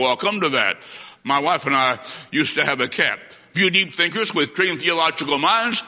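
A bright, fairly high-voiced middle-aged man preaching a revival-style sermon with a folksy, homespun manner. His voice rings out through a large hall with a long reverb, and the old recording sounds dull and lo-fi. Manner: folksy, addresses listener as my friend, homespun illustrations. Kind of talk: evangelistic sermon.

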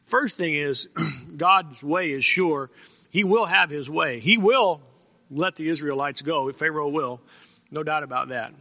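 Male pastor preaching, gravelly and bright-edged voice, fairly high, throat-clearing, long hall reverb. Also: unhurried. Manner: frequent throat clearing and repeated false starts. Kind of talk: sermon.

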